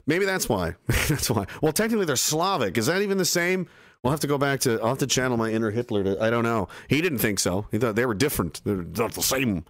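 A man's voice: mid-range voice, expressive, fairly quick, a bit bright, no room sound. A young man, reading chat messages on a livestream and ranting in an angry, sarcastic, heavily profane way into a close mic. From Canada.

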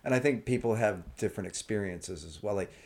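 A man's voice: lowish voice, a little fast, darkish tone. A man from Georgia, a guest comedian, chatting casually on a podcast in a rambling way. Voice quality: gravelly. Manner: rambling, conversational, hedging with fillers.

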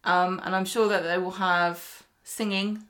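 Scottish woman, podcast co-host, deadpan and sardonic in casual banter. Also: medium pitch, a little slow. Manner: dry, sardonic.

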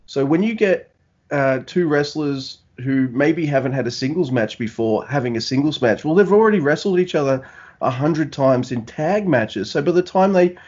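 Relaxed rambling man in casual chat. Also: a little high, normal speed, slightly rough, muffled recording. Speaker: podcast co-host.

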